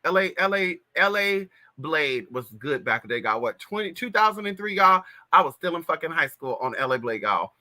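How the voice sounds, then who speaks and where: Sitting low in pitch, her sing-song voice runs fairly quick with hardly any pauses, bright and forceful. She's a trans woman in her thirties from California gossiping casually on a livestream via plug-in mic, talking straight to viewers with "girl" and "y'all" throughout.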